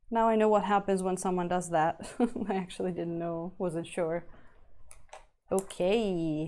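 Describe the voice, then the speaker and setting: A woman's voice: mid-range voice, mellow. A woman chatting casually with her live-stream viewers while she paints a miniature, rambling and laughing often.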